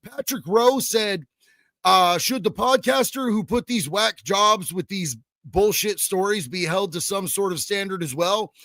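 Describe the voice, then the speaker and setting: A man hosting a casual livestream, reading viewer comments and swearing freely in a loud, excitable way. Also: sits high, measured pace, no echo, clean studio sound. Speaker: streamer host.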